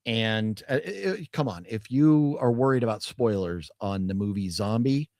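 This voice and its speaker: In a laid-back movie review chat, this podcast co-host rambles, restarts and laughs. He has a lowish, slightly mellow voice with lively intonation and a somewhat slow delivery. The studio recording is clean with no room sound.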